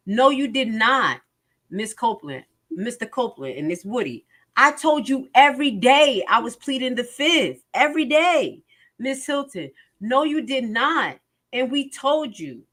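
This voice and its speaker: A woman's voice: medium pitch, sharp tone. A woman reading court transcripts aloud and commenting on them emphatically, often asking her viewers questions. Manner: emphatic, repeats phrases, asks viewers questions.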